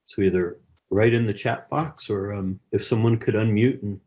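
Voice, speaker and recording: A man's voice: on the low side, moderate pace, lo-fi sound. Male science educator, online workshop host; encouraging, chatty, video-call sound. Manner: encouraging, chatty, reads chat messages aloud. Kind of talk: friendly teaching over a video call.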